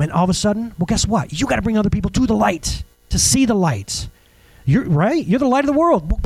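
A man preaching a sermon as a pastor, conversational and animated, with jokes and asides to the congregation. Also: high-pitched, no room sound, low-quality recording.

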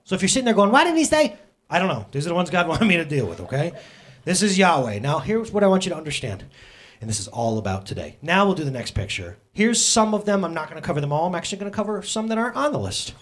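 A man preaching a casual sermon in church, joking and addressing the congregation directly. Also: fairly high pitch. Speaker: pastor. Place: church sanctuary.

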